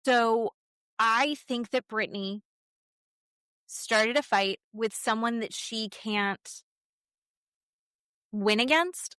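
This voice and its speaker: A fairly high-voiced woman talks through a reality TV episode in loose, casual chat. She is blunt and swears freely, slipping into the cast members' voices as she quotes them. The sound is close and dry. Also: slow, long pauses, bright, forceful tone, clear, resonant tone, dry recording. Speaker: podcast co-host.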